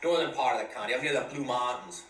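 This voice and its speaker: A man's voice: mid-range voice, animated, quick pace, fairly bright tone, recorded from a distance. Pennsylvania dutch guy answering questions, kinda rambly, echoey room, faint hum. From Pennsylvania, USA. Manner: restarts sentences, folksy. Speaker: interviewee, teacher. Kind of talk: casual interview answers.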